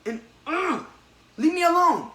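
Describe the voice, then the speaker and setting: A man doing a shrill ranting goblin monster. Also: animated, moderate pace. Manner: shouting threats, frantic. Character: merciless red goblin monster, shrill and menacing. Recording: echoey room, faint noise.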